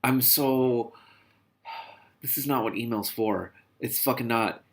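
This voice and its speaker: A man reading a novel aloud with comedic commentary, sarcastic and exasperated, swearing freely and muttering the narration. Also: takes it slowly. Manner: reads narration in a low muttering voice. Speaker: reader and commentator.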